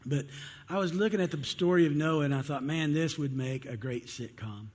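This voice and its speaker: A man's voice: on the high side, moderate pace, a little mellow, husky, long reverb tail. A man preaching a sermon in church, telling a story and acting out its characters. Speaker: pastor.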